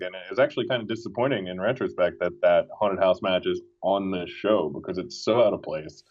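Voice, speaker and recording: Low-voiced man, wry podcast guest. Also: a little mellow. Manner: wry, sarcastic, repeats phrases for emphasis. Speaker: wrestling writer guest. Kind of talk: casual podcast conversation. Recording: dull lo-fi audio.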